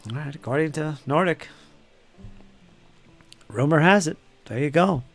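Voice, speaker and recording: A man's voice: fairly high pitch, unhurried, faint music behind. A man hosting a live painting stream, chatting casually and teasing viewers as he reads their comments aloud. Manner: joking, teasing chatter with frequent laughs.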